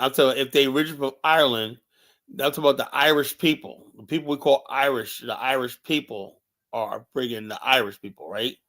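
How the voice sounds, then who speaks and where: A man holds forth as a show host, rambling and blunt, with plenty of profanity. He keeps breaking off to ask a co-host whether he agrees. His pitch sits in the ordinary middle for a man. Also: a bit bright. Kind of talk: casual opinionated monologue.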